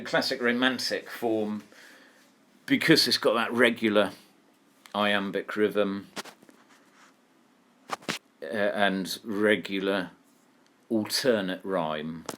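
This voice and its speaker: A male English teacher talks through a poem in an online lesson. His voice sits fairly low and he speaks slowly, musing aloud and putting questions to his class. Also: fairly bright tone.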